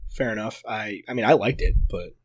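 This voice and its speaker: A man's voice: lowish voice, a little fast, slightly rough, poor audio. A man co-hosting a movie review podcast, rambling a little with frequent restarts. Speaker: podcast co-host. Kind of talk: casual chat.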